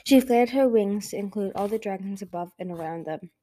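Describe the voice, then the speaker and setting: A woman's voice: mid-range voice, brisk, mellow. A woman narrating a fantasy novel chapter as an amateur audiobook, reading carefully and often correcting herself. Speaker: audiobook reader.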